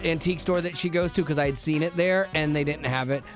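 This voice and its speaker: A man's voice: a little high, soft background music. A man hosting a radio show, joking and teasing as he chats with callers and his co-host. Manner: playful, teasing, quick with jokes. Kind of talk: joking morning radio chat.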